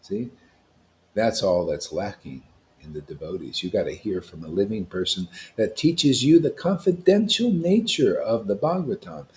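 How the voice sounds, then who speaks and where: A man preaching to a devotional gathering, emphatic and confrontational, with casual slang, swinging between loud declarations and hushed asides. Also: fairly low pitch, animated, moderate pace. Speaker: spiritual teacher at a devotee gathering. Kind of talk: impassioned devotional sermon.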